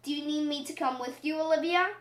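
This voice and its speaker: A woman's voice: high voice, a little fast, pitched above the performer's own voice, close to an everyday voice. A woman voicing an exasperated but loving mother pig in a storybook reading. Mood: fond. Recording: roomy echo.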